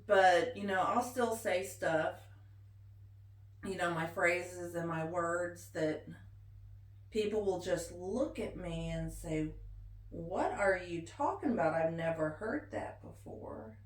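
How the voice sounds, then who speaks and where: Slow, folksy woman with Appalachian-Ozark twang. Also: lowish voice. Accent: Appalachian and Ozark blend. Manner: slow, homey and folksy with laughs. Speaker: interviewee. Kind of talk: oral history interview. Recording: roomy echo.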